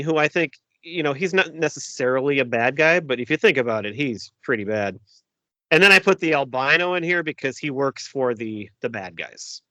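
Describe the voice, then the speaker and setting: A man's voice: medium pitch, bright, forceful tone, no echo. A man hosting a casual podcast chat, leading the segments and quoting favorite movie lines. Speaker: podcast host.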